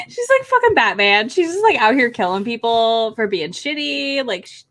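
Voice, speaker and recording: A woman hosting a casual chat about romance books, excitable and swearing freely as she acts out characters' lines. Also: a little high, a little slow. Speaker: book channel host.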